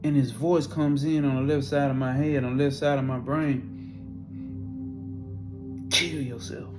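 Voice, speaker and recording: A man casually telling a spiritual experience story in a profane, animated way. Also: mid-range voice, brisk, music in the background.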